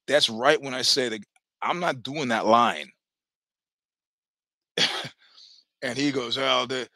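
A middle-aged man telling profane, animated stories in casual chat, acting out the voices he quotes. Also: medium pitch, no room sound. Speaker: podcast host telling stories. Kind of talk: casual storytelling.

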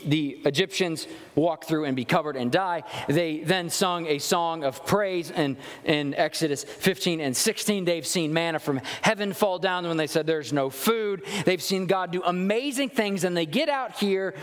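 A male pastor preaching a sermon, reading scripture and acting out quoted voices with big swings in pitch. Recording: long hall reverb.

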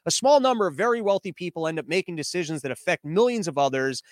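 High-voiced rambling sarcastic male podcaster. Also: lively intonation, quick pace, no room sound. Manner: rambling, sarcastic, riffing with restarts. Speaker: podcast host. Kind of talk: casual comedic commentary. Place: home living room studio.

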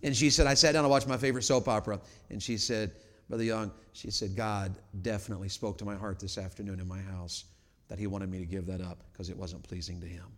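A middle-aged man preaching a revival sermon, telling folksy stories that move from quiet talk to loud shouting. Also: fairly low pitch, flat delivery, fast. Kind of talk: sermon with storytelling. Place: large church auditorium. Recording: long hall reverb.

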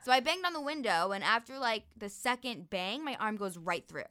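A young woman telling a story in a casual chat, animated and laughing often. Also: mid-range voice, fairly quick.

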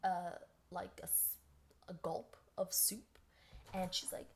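A woman's voice: on the low side, fairly even intonation, takes it slowly, gravelly, slight background noise. A woman hosting a podcast, telling a story in a casual, chatty way and acting out quoted voices. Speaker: podcast host.

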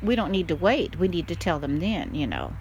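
An older woman talks in a casual chat, her voice a little low and warm-toned, full of laughter and lively storytelling. A faint hiss sits under her voice. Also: brisk. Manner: chatty, laughs often, animated storytelling. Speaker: guest, mother.

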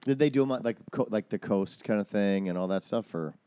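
A man's voice: on the low side, brisk, mellow, clean tone, dry recording. A man hosting a casual interview, asking loose questions full of stammered restarts. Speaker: podcast host.

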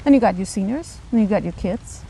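Animated Danish woman with a mellow voice. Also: mid-range voice, a little fast, gravelly, a little hiss or hum, poor audio. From Denmark. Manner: animated, emphatic, laughs often. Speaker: architect and urban planner, podcast guest. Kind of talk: casual conversation.

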